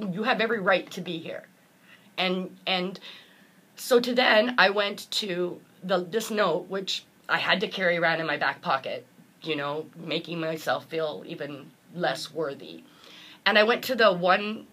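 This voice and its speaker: A woman's voice: fairly low pitch, pushed and bright, breathy edge. A woman motivational speaker, earnest and heartfelt, telling a personal story in an interview and acting out the voices of the people in it.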